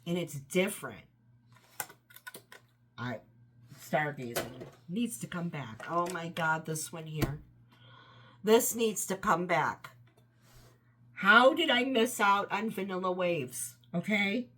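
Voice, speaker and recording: A woman's voice: lowish voice, animated, takes it slowly, long pauses, a bit bright, slight background noise. A woman casually reviewing wax scents, rambling and enthusiastic, trailing off often, her voice tired and run down. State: voice tiring, run down. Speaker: home fragrance vlogger.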